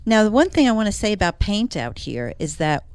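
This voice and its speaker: An interior designer who is a regular on a talk show chats casually on the radio, brimming with enthusiasm and laughing often. Her mid-range voice is very animated, brisk, smooth, and darkish in tone, with no echo.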